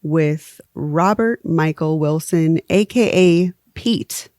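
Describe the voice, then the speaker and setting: Woman podcast co-host, low-pitched, casual and giggly, dry studio sound. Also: slow pace, no room sound. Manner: laughs often, relaxed and chatty. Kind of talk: casual chat.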